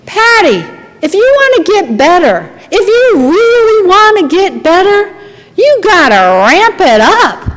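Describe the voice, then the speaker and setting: A woman with a somewhat high voice preaches to her congregation in earnest, dramatic storytelling. Her words ring out with a long reverb from a large hall. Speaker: lay speaker at a congregation. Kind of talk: storytelling sermon.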